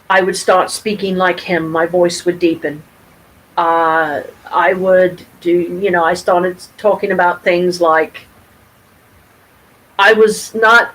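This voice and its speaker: A woman talking to her viewers in a casual livestream monologue, rambling and excitable, swearing freely and stopping often with ums. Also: lowish voice, rough recording.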